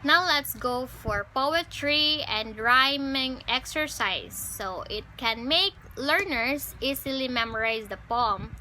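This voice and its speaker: Young woman presenting a class report, bright voice with faint background hiss, halting with ums. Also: high-pitched, expressive, rough recording. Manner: explains step by step with frequent "um" and self-corrections. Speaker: student presenter.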